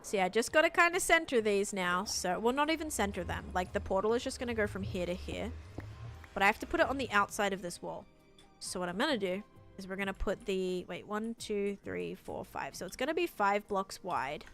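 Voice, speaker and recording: A woman's voice: animated, a little fast, a bit bright, faint music behind. A young woman chatting casually on a live game stream, reading chat aloud and talking as she builds. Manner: chatty, reads chat aloud, mimics a voice assistant in a higher voice. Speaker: livestream gamer.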